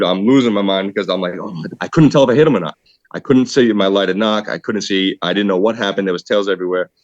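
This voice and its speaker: A man excitedly telling a hunting story in casual podcast chat, saying "dude" a lot. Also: fairly low pitch, no room sound, highs cut off. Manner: excited, animated retelling with repeated "dude". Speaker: podcast guest, hunter.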